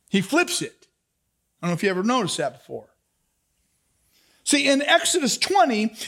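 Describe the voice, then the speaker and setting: A man with a very high voice preaches a lively sermon. He drops to soft asides, then rises to loud emphasis, and keeps asking his listeners for answers. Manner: talks back and forth with the congregation. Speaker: pastor.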